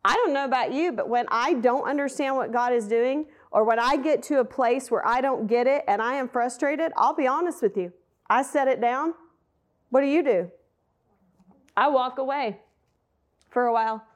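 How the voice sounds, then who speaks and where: A woman's voice: sits high, fairly quick. A woman preaches a Bible message. She talks candidly and conversationally, often turning to ask her listeners questions. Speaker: Bible teacher. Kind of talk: sermon.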